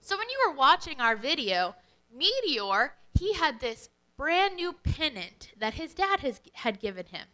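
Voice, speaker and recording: A woman leading a children's worship lesson, speaking in an animated, sing-song way to kids. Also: sits high, measured pace, low-quality recording.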